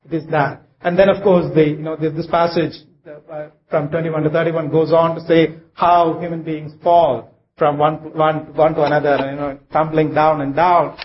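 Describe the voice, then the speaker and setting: Man, preacher, sermon, halting speech, echoey hall. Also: fairly high pitch, flat delivery, lo-fi sound. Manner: halting, many fillers and restarts.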